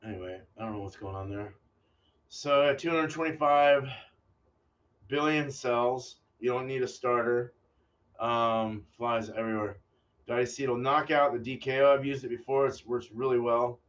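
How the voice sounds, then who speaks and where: A casual homebrewer man talks through his choices, distracted and swearing now and then as he thinks aloud. He sits a bit back from a dull, lo-fi microphone. His voice is middle-pitched. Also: steady tone, normal speed, a bit bright. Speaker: homebrewer and channel host. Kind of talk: casual rambling vlog talk. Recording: dull lo-fi audio from a distance.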